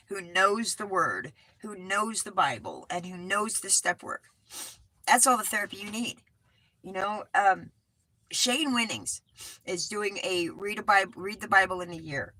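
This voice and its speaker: A woman's voice: on the low side, pushed and bright, no room sound, poor audio. A middle-aged woman from California chatting rambly and informally with her viewers from inside a small RV, calling them hun. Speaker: vlogger. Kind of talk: casual livestream chat.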